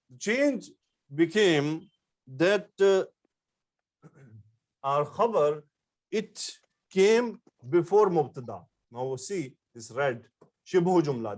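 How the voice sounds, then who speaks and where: A man's voice: fairly high pitch, animated, slow, pauses often, darkish tone. A man teaching an Arabic grammar lesson, explaining step by step and repeating key terms, with frequent fillers and restarts. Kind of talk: online-style grammar lecture.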